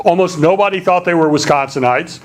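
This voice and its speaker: Professor lecturing with a slight Southern lilt. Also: male voice, fairly high pitch, a little fast. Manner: conversational, many fillers and restarts. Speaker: linguistics professor giving a public lecture. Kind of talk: public lecture.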